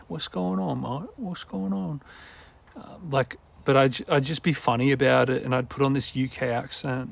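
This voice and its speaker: A man's voice: medium pitch, creaky. A man from Australia with a mixed Australian, British and Irish accent and a dopey-sounding voice, rambling casually and drifting off on tangents. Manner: meandering, goes off on tangents.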